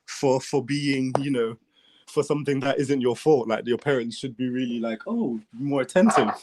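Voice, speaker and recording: A man's voice: mid-range voice, level tone, normal speed, a little mellow, a little hiss or hum. Encouraging male interviewer. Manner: encouraging, affirming, enthusiastic. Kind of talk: casual interview chat.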